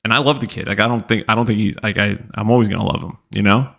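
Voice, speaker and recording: A man's voice: on the low side, fairly even intonation, rapid-fire, creaky, a bit bright. A young man hosting a podcast, casually telling a long story in a rambling, profane, exasperated way. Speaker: podcast host.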